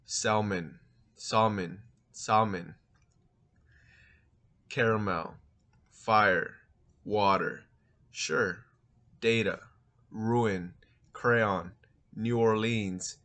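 A man's voice: on the low side, a bit bright. A man in his thirties from East Los Angeles with an East LA accent, casually answering accent tag questions and thinking aloud, with a few Spanish words. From East Los Angeles, California. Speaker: vlogger.

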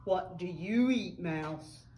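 A woman voicing a boastful male frog in a children's storybook, with loud, drawn-out bragging. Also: on the low side, animated, a little hiss or hum, pitched below the performer's own voice.

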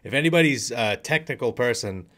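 Brief: male reaction host, mid pitch, chatty asides to camera. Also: lively intonation, fairly quick, fairly bright tone. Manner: casual, chatty asides to viewers. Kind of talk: casual reaction commentary.

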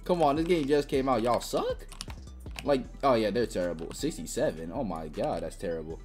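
A young woman giving live gameplay commentary, trash-talking with sudden excited yelps and shouts. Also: very deep voice, normal speed, soft background music. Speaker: gaming channel host.

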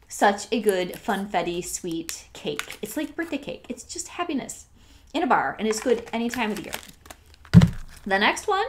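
A woman talking through a product haul in a casual vlog, gushing and chatty, sometimes dropping to a soft near-whisper. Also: mid-range voice, noisy background. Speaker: scent consultant and channel host.

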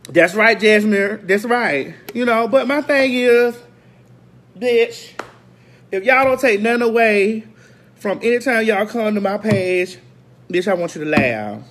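A woman's voice: mid-range voice, expressive, measured pace. A woman hosting her own online show in a brash, profane, unscripted rant to viewers, hammering single words over and over.

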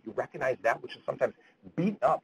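A man's voice: mid-range voice, expressive, rapid-fire, gravelly, a little hiss or hum, low-quality recording. A man lecturing physicians at grand rounds, retelling a story earnestly and often repeating words as he goes.

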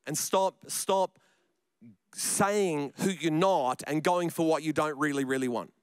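A man's voice: on the high side, measured pace, clean tone, no echo. A man preaching a sermon in church, chatty and joking, often repeating his words. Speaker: pastor.

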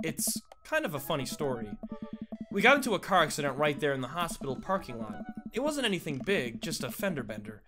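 A man's voice: on the high side, sing-song, brisk. A man playing a game on video, reading its dialogue aloud in a theatrical, emotive way with asides to his viewers. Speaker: gaming YouTuber. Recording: game music playing underneath. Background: game music.

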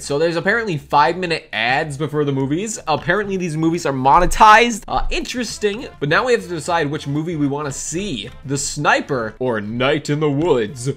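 A man giving goofy, excitable commentary while playing a game for his YouTube channel. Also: a little high. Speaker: gaming YouTuber. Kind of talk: casual gameplay commentary.

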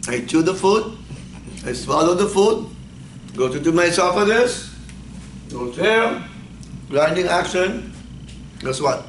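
A man's voice: sits high, expressive, takes it slowly, pauses often. A male instructor giving a classroom lecture. He keeps asking the class questions and then answering them himself. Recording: echoey classroom, faint background noise.

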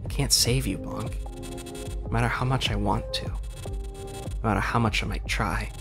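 A man playing a game and reading its dialogue aloud in a gentle, reassuring way. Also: fairly low pitch, steady tone, moderate pace, creaky. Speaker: game streamer. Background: game music.

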